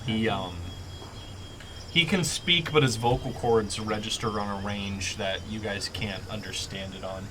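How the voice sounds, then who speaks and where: A man's voice: fairly low pitch, measured pace, noisy background. A man narrating as game master of a tabletop game, hesitant, with many fillers. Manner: hesitant, many ums and uhs; laughs often.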